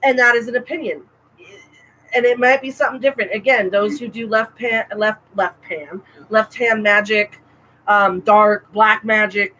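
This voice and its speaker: A woman co-hosting a casual podcast chat, talking in an animated, rambling way with frequent restarts. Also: medium pitch, moderate pace, low-quality recording. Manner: chatty, animated, self-interrupting with restarts. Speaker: podcast co-host.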